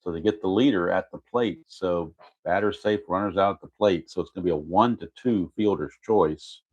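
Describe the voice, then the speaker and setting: A man's voice: low-pitched, normal speed, a little mellow, highs cut off. A man narrating his tabletop baseball game replay in a casual play-by-play, methodically reading out dice rolls and chart results and correcting himself as he goes.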